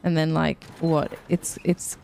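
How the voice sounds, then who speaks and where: A woman's voice: sits low, level tone, takes it slowly, vocal fry, a little mellow. A woman hosting a gaming channel, giving casual, playful let's-play commentary full of jokey reactions.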